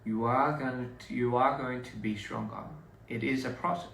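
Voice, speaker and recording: A man on a casual livestream, speaking slowly and encouragingly to fans, with pauses and fillers. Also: medium pitch, fairly even intonation, creaky, fairly bright tone, echoey room, recorded from a distance, a little hiss or hum, poor audio. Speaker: livestream host answering fans.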